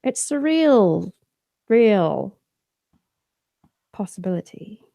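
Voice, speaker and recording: A woman in her thirties co-hosting a podcast, chatting casually with many fillers and pauses. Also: mid-range voice, big pitch swings, vocal fry, warm tone, no room sound, clean studio sound. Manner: halting, many fillers, playful with silly voices. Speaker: podcast co-host. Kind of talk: casual chat.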